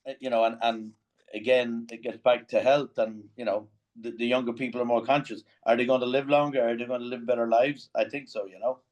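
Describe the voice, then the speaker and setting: A man's voice: medium pitch, flat delivery, fairly quick, darkish tone, highs cut off. An Irish man from Ireland, a guest chatting casually over a remote call, reflective and heavy on "you know" fillers. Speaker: podcast guest. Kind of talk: casual chat.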